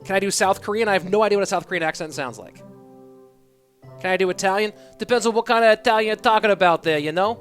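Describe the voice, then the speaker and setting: A young esports caster calls plays on a live stream and jokes casually with chat over background music. His voice sits high, fast and fairly bright.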